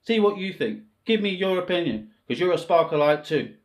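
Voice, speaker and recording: A man talking straight to camera in a rambling, emotional monologue, swearing freely and swinging between quiet musing and impassioned appeals. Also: sits high, lively intonation, moderate pace. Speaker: self-styled candidate vlogger.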